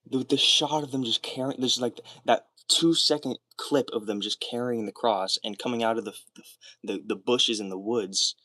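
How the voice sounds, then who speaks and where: A young man livestreaming alone, talking in a rambling, excitable way, full of fillers and swearing. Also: mid-range voice, moderate pace, no room sound. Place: small soundproofed room.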